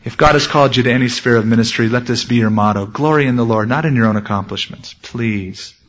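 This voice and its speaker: A man preaching a sermon as a pastor, speaking earnestly and slowing down to read scripture. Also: mid-range voice, highs cut off.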